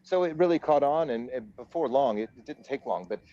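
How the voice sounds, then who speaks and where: A man in his forties, a musician guest, telling his story in a rambling, animated way and laughing at himself. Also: mid-range voice, fairly quick. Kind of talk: casual storytelling interview. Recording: dull lo-fi audio.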